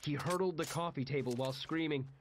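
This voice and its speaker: A man narrating a first-person horror story dramatically, shouting out the quoted lines. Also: fairly high pitch, fast. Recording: loud gunfire noise behind the voice.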